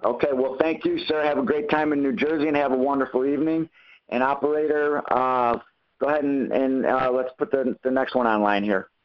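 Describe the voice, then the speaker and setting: A man hosts a coaching call-in session and answers callers in an animated way, often acting out the dialogue he quotes. His voice sits at a middle pitch. The audio comes through muffled and lo-fi. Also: brisk. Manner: animated, acts out quoted conversations. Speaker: host answering callers' questions.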